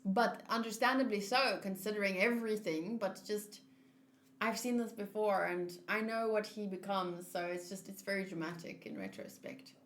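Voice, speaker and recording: A woman's voice: medium pitch, fairly even intonation, normal speed, a bit bright. A woman hosting a manga read-along, chatting casually with her own commentary and often breaking off mid-thought. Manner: chatty, self-interrupting. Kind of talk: casual commentary while reading aloud. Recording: roomy echo.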